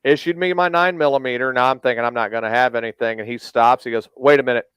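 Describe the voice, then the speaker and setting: Man, mid-pitched, smooth and resonant, dry close sound, blunt profane storyteller who voices the dialogue. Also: steady tone, quick pace, a bit bright, no room sound. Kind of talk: casual storytelling.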